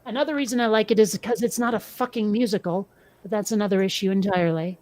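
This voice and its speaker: A woman's voice: medium pitch, fairly even intonation, quick pace, noisy background. A woman hosting a casual chat, blunt and profane, wry and a little tired. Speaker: podcast host.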